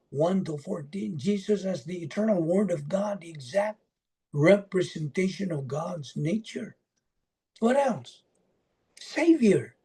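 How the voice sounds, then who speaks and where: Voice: mid-range voice, dark tone, husky. A Bible study leader teaching over a video call, asking questions and answering them while listing verse references.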